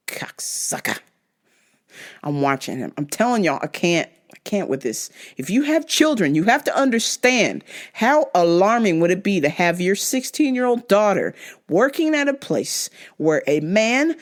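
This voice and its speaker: A young woman from Southern California hosts her own show, ranting and swearing freely. Her pitch swoops widely as she mocks people in put-on voices. It is loose, animated, casual talk. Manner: profane, animated, mocking voices and laughing. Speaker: podcast host. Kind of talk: casual rant monologue.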